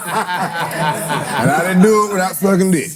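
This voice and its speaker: A man co-hosting a comedy podcast, joking loudly and riffing in bits. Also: sits high, animated, unhurried. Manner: loud joking, riffs in bits. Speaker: podcast co-host. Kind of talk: comedic banter. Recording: podcast with loud crowd laughter.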